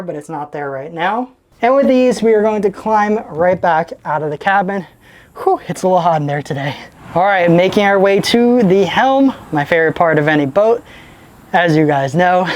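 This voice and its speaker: A woman's voice: fairly low pitch, a little mellow, no echo. A woman hosting a boating channel gives a casual walkthrough tour aboard a boat. She is upbeat and chatty, lists features one after another, and sounds slightly winded as she climbs around.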